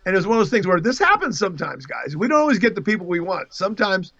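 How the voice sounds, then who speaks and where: A man guesting on a casual livestream, an animated storyteller who laughs often, heard over a video call. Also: high voice, rapid-fire, no room sound, dull audio. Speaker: voice actor guest.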